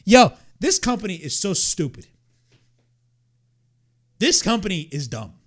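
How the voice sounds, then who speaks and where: A man's voice: high voice, sing-song, measured pace. A young man hosting a wrestling watch-along, ranting in exasperation, swearing and repeating himself. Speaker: wrestling reaction host.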